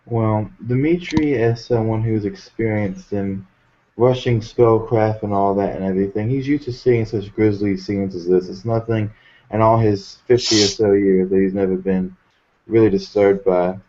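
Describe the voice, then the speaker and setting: A man playing a tabletop game, narrating his character in a measured third-person way. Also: lowish voice, steady tone, warm tone, slight background noise. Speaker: player. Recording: dull lo-fi recording.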